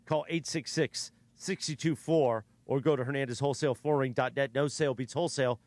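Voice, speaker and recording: A man on a sports radio show reading sponsor ads and running the rundown, brisk and matter-of-fact. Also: mid-range voice, steady tone, darkish tone, dry recording. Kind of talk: radio banter and ad reads.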